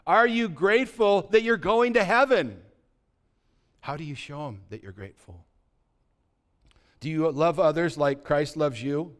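A man with a fairly high, smooth and clear voice preaches in church, firing rhetorical questions at his listeners. He swings between loud urging and quiet, low asides, and acts out a courtroom joke with voices. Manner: tells a joke story with acted dialogue. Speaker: pastor. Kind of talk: sermon.

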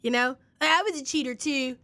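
A woman's voice: high-pitched, a little fast, sharp tone. A woman hosting a live reaction podcast, reading chat messages and making sarcastic remarks. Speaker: commentary podcast host.

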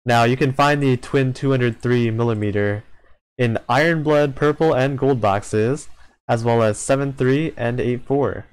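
Male gaming guide host, smooth clear voice, casual and explanatory. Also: mid-range voice, measured pace, dry recording, low-quality recording. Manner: explanatory, walks through menus and stats. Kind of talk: casual game guide commentary.

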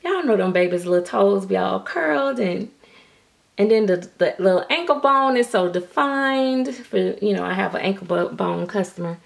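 A woman reviewing doll kits in a casual vlog, gushing with frequent excited exclamations and using Southern vernacular like "y'all". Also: medium pitch, normal speed, vocal fry. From United States.

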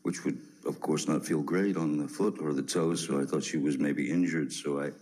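A man in his fifties giving courtroom testimony, halting with many pauses and restarts. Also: rumbling low, fairly even intonation, darkish tone, rough recording.

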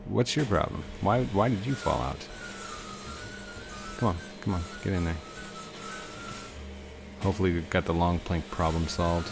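A man's voice: deep voice, normal speed, vocal fry, pauses often, music in the background. A man giving casual, rambling commentary while playing a video game, talking to himself and the game. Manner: chatty, talks to himself and the game.

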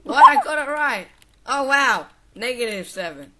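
A woman's voice: high-pitched, expressive, moderate pace, crowd noise. A teenage girl giving casual commentary while playing a game, exclaiming and laughing often. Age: teens. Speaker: gameplay commentator. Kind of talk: casual gaming chat.

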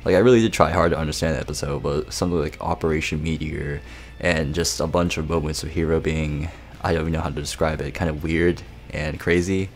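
A man's voice: a bass voice, steady tone, fairly quick. A young man giving a casual anime episode review, rambling, laughing and swearing as he retells scenes.

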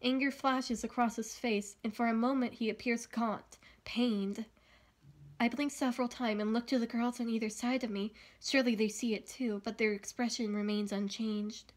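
A woman reads a novel aloud in a steady, even manner. Her voice sits somewhat high, and she slips over a word here and there. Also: normal speed. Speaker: audiobook reader.

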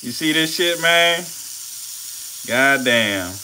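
A young man, giving loud, profane, laughing commentary as a channel host on a casual live stream. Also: fairly high pitch, lively intonation, takes it slowly, a little hiss or hum. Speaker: channel host feeding snakes.

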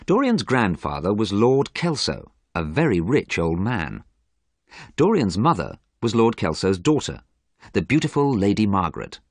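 A man narrates a graded-reader story at an even, careful pace. His voice sits low but moves a lot in pitch, with a slightly husky edge. The sound is close and dry. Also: normal speed, no echo. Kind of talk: scripted audiobook narration for learners.

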